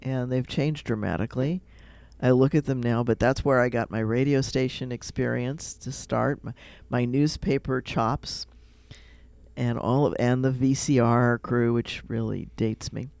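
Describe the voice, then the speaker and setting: A man's voice: mid-range voice, fairly even intonation, measured pace, creaky, a little mellow, dry recording. A man with a Midwestern American accent, chatting casually on a radio show and rambling through personal stories. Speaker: rabbi, radio guest.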